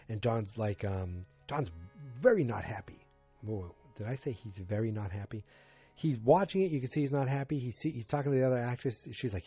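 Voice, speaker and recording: Man, 40s, podcast host, rambling, fillers and restarts, exasperated asides, mid-range pitch. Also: animated, fairly quick, mellow, breathy edge, soft background music. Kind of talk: casual solo episode recap.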